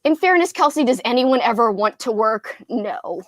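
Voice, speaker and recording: Chatty young woman, higher voice. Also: animated, moderate pace, fairly bright tone. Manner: chatty, giggly, reads viewer comments aloud. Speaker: booktube livestream host. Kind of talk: casual livestream chat.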